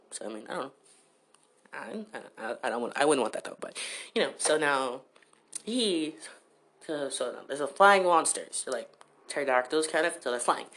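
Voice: medium pitch, a bit bright. A fan casually retelling an anime episode in a rambling way, full of fillers like "you know" and "like". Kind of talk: casual spoken recap. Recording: roomy echo.

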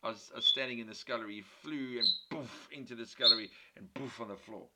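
A man's voice: medium pitch, fast. A man giving an earnest, emphatic sermon built around a personal story. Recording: loud background noise.

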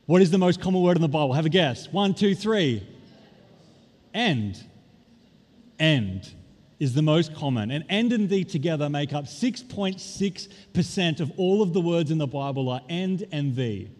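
A man preaching a sermon as pastor, stressing key words and drawing them out slowly. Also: on the high side, animated, darkish tone. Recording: long reverb of a large hall.

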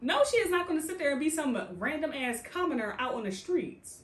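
Animated, slangy woman recapping a show. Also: sits high, a little fast, reverberant. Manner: animated storyteller, acts out quoted characters; slangy, profane, laughs often. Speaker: podcast co-host. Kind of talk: casual chat recapping a TV show.

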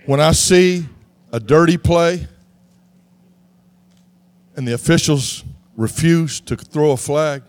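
A man from Texas, preaching a sermon in an animated way that rises to shouts. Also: on the high side, takes it slowly, long pauses, dry recording. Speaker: pastor.

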